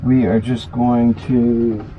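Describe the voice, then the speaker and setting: A man's voice: mid-range voice, level tone, takes it slowly, muffled recording, a little hiss or hum. A man chatting loosely through a casual cooking vlog inside his small RV, full of fillers and asides.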